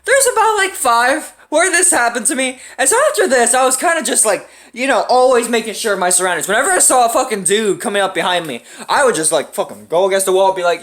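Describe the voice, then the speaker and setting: Animated, bright-voiced young woman telling stories. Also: on the high side, fast talker, hardly any pauses. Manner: animated, profane, laughing often. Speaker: storytime channel host. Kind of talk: casual storytelling.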